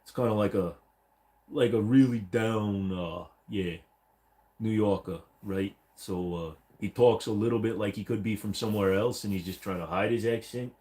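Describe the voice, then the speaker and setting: Reading viewer comments on a casual livestream, this host rambles bluntly and profanely, putting on mock voices for chat messages. He speaks at normal speed in a fairly low, mellow voice.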